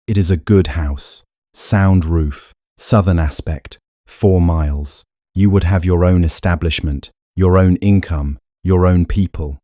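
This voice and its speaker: A man voicing a steady, proud young countess who speaks firmly and plainly in an audiobook romance. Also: deep voice, no echo, clean studio sound. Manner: firm, measured, plain-spoken. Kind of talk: audiobook character reading.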